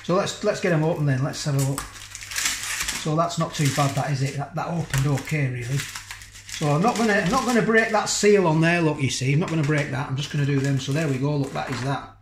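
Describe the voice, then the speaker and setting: A chatty man with a fairly high voice talks through a ready meal in his kitchen. He rambles, repeats himself and keeps ending lines with little tag questions. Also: fairly quick, noisy background. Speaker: food reviewer. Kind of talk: casual food review vlog. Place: home kitchen, indoors.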